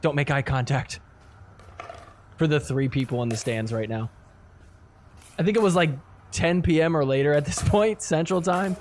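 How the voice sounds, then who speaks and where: A man's voice: fairly high pitch, moderate pace, pauses often, a little mellow, slight background noise. A man hosting a podcast, giving casual commentary over match clips, laughing often and mock-quoting the players.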